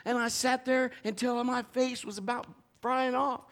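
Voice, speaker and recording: A middle-aged man preaching a sermon in a church, telling stories and acting out the quotes in lively voices. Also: very high voice, normal speed. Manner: animated storytelling with acted-out quotes. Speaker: pastor.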